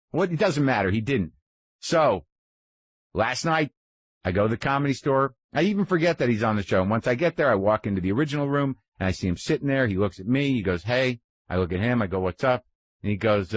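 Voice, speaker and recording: A man's voice: on the low side, no echo. A man in his fifties hosting a podcast, talking in a rambling, profane, self-deprecating monologue. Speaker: podcast host. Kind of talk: casual monologue.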